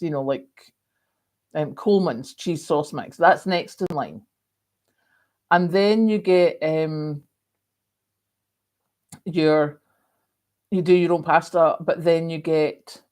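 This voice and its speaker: A woman's voice: low-pitched, darkish tone. A woman hosting a casual live stream, chatting rambly and reading out viewer comments with lots of ums. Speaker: livestream host.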